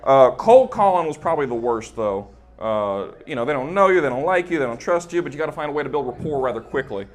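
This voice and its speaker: A man's voice: medium pitch, lively intonation, fast, hardly any pauses. A young man performing a stand-up set on a club stage into a handheld mic, chatty and working the crowd with frequent "right?". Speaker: stand-up comedian.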